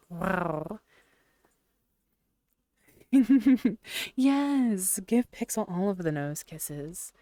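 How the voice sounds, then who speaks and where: A woman's voice: medium pitch, darkish tone, no echo. A young adult woman chatting casually on a VR stream, greeting viewers and giggling often. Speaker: VRChat streamer.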